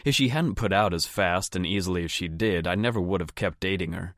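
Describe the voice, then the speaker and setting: A young man narrating a first-person audiobook with a very deep voice and a brash, blunt, crude edge. The sound is dry and close, with no room around it. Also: brisk, fairly bright tone, dry recording.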